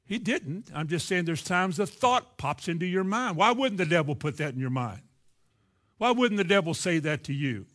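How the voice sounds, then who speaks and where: A man's voice: high voice, animated, moderate pace, a bit bright. A man with a Kentucky accent preaching a sermon in a folksy, earnest way, acting out the voices he quotes.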